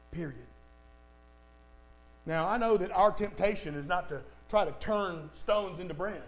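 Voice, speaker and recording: A man's voice: high-pitched, unhurried, long pauses, poor audio. A man preaching a sermon, emphatic, repeating lines for stress and speaking straight to the congregation. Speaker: pastor.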